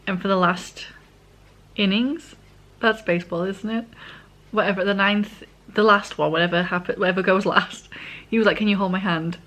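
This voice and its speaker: A woman's voice: mid-range voice, fairly even intonation, normal speed, long pauses, fairly bright tone. A woman, casually recapping a manga in a rambling, chatty way, sometimes correcting herself and eating as she talks. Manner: eating while talking. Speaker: vlogger.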